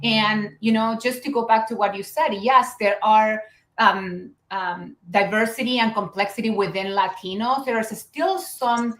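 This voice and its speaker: A woman's voice: medium pitch, measured pace, fairly bright tone, roomy sound. A woman from Chile with a Chilean Spanish accent, a guest speaking earnestly and reflectively, with many fillers. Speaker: guest, business founder. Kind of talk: conversational interview.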